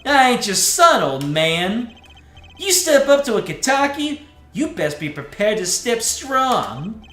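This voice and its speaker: A man voicing a brash young male street-tough defendant who talks with slangy swagger, pitched higher than his own voice. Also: big pitch swings, takes it slowly, bright, forceful tone, roomy sound, soft background music, heavily acted. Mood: defiant.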